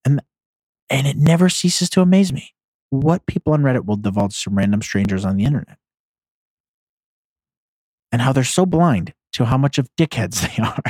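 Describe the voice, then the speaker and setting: A man's voice: mid-range voice, expressive, normal speed, long pauses, darkish tone, breathy edge, no room sound, studio quality. A man hosting a casual comedy podcast, reacting to online posts with blunt, sarcastic, profane commentary. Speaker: podcast host. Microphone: headphones on, close mic.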